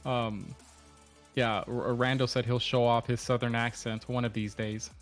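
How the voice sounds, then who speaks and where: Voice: medium pitch, little pitch movement, moderate pace, soft background music. Laughing guest giving short replies. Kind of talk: casual chat.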